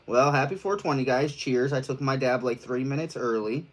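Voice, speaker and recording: A man's voice: medium pitch, moderate pace. A man live streaming from his room in casual chat, laid-back and rambling, swearing freely and short of breath. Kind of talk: casual solo livestream chat. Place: his own room, indoors.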